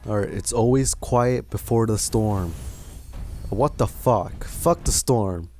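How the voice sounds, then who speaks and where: Slow-talking frustrated gamer guy. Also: on the low side, dark tone, slight background noise. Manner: frustrated, swearing, grumbling at bad luck. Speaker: gaming channel host. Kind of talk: casual game commentary.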